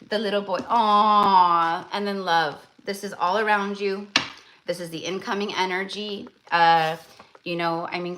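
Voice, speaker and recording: A woman's voice: medium pitch, fairly bright tone, a little hiss or hum. A young woman giving a live-stream tarot reading, talking in a gushing, effusive way with many fillers and restarts. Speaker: tarot reader.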